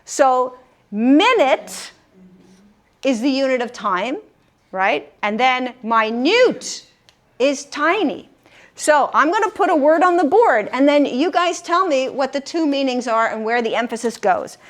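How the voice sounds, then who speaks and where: Woman, high voice, encouraging instructor, group word game class, stretches out syllables. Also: lively intonation. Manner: upbeat, encouraging, slows down to stress syllables. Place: room with a live group.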